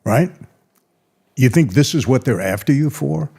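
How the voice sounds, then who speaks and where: Gravelly, husky male interviewer. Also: mid-range voice, lively intonation, unhurried, a little mellow. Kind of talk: interview questions.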